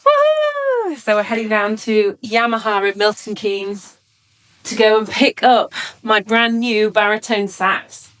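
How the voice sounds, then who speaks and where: A woman, a professional saxophonist, chatting excitedly in a casual vlog. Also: medium pitch, measured pace, clean tone, no echo. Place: in a car and out and about.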